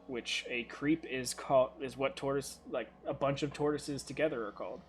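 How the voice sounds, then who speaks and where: A man's voice: medium pitch, fairly even intonation, normal speed, a little hiss or hum. A man running a tabletop game as game master, explaining scenes casually with some swearing.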